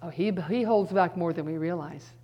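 A middle-aged woman giving an earnest sermon-style teaching, now and then dropping into soft hushed asides. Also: fairly low pitch, normal speed.

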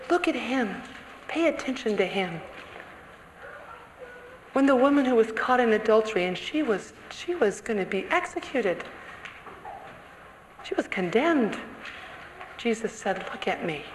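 A woman preaching a sermon to other women, animated and storytelling, sometimes acting out an accusing inner voice. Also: on the high side. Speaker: women's conference speaker. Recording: echoey hall with faint room noise.

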